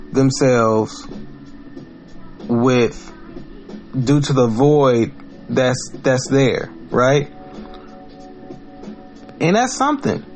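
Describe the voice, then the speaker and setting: A man hosting a podcast, talking in a blunt, profane, rambling monologue full of restarts. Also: medium pitch. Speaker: podcast host. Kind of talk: casual monologue.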